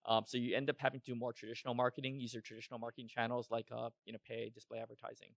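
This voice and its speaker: A man's voice: mid-range voice, flat delivery, very fast, creaky, dry recording. A man on a conference panel, explaining things in a matter-of-fact way.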